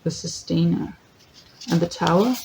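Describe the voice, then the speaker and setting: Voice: medium pitch, normal speed, vocal fry, darkish tone, slight background noise, low-quality recording. A tarot reader giving a casual general reading, thinking aloud, correcting themselves, laughing easily and reading lists from a guidebook. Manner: chatty, thinks aloud, often corrects itself.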